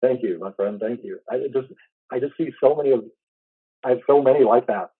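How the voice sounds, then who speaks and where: A man in his thirties telling a heartfelt personal story in a casual, halting way, full of restarts. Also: mid-range voice, breathy edge, no echo, narrow, tinny audio. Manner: fast, halting, with many restarts and fillers; earnest, heartfelt. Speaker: podcast host.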